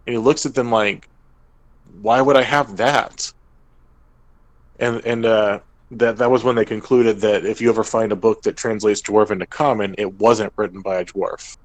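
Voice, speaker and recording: Low-voiced man recapping a game session. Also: steady tone, a little fast, a little mellow, no echo, low-quality recording. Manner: storytelling, acting out characters' lines briefly. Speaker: podcast co-host and game master. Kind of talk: casual recap of a tabletop game.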